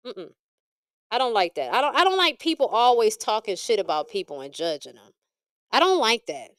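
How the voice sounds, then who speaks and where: A woman tarot reader and medium on a livestream, talking bluntly and profanely in an animated rant, laughing often. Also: sits high, no echo, clean studio sound. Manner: frequent laughter.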